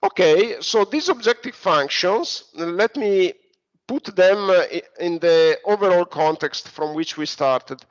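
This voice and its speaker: A man's voice: high-pitched, animated, a little slow. A man with an Italian accent giving an online university lecture, hesitant, with many fillers and restarts. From Italy. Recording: dull lo-fi recording.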